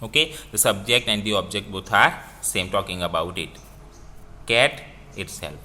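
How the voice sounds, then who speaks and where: A man teaching a grammar lesson, explaining slowly and repeating each example with phrasing. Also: on the low side, lively intonation, pushed and bright. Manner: slow, repetitive explaining with non-native phrasing.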